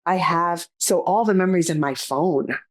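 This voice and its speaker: A middle-aged woman with a notably low voice, talking casually as a podcast co-host. She rambles a little, circling back fondly and thoughtfully. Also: moderate pace. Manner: reflective, rambling, fond. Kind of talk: casual chat.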